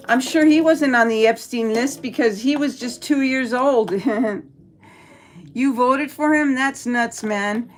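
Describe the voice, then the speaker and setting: Live-stream host, woman from El Paso, middle-aged, blunt and profane, a bit high-pitched. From El Paso, Texas. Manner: blunt, profane, talks back to chat. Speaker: livestream host reading chat. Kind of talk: casual live-stream chat.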